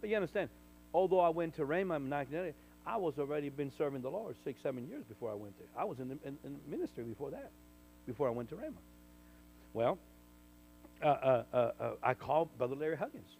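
A man, a minister, telling a personal testimony in conversation, full of restarts and sudden loud bursts. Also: on the high side, fast talker, a little hiss or hum, low-quality recording. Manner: animated storyteller, stammering restarts, bursts loud when quoting. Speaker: minister, guest.

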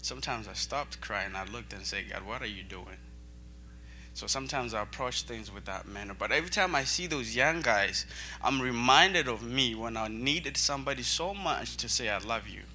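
Man, missionary guest, earnest preacherly testimony, vivid bright tone over faint music. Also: medium pitch, animated, moderate pace. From Botswana. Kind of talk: church testimony.

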